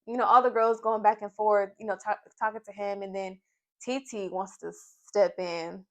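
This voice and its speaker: A woman's voice: medium pitch, normal speed. Woman gossiping about reality TV. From Nashville, Tennessee. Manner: animated storytelling, acting out the cast's quotes. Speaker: reality TV recap vlogger. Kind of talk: casual recap chat.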